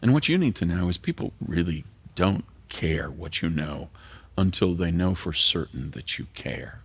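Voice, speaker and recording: An older male pastor delivers a heartfelt sermon. His voice sits very low and is rough with fry and a husky edge. At key moments he lowers it to a soft, earnest near-whisper. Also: lively intonation, normal speed, no room sound. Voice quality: gravelly, husky voice.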